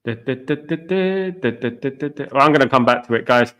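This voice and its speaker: A middle-aged man from Britain hosts a football channel, chatting casually on a live stream and rambling to his viewers, whom he keeps calling "guys." His mid-range voice stays steady and fairly bright while he talks very fast, often repeating himself.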